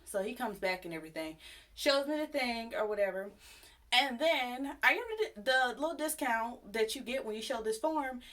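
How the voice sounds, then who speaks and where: A young woman telling a personal story to her viewers in a chatty, animated, sassy way. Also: on the high side, moderate pace. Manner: chatty, animated, sassy retelling with acted quotes. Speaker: YouTube storyteller. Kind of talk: casual storytime vlog.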